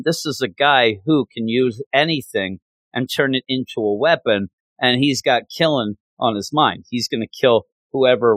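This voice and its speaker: A man's voice: mid-range voice, a bit bright, no echo. A man casually reviewing a comic book, rambling through a chatty retelling of the story with lots of fillers.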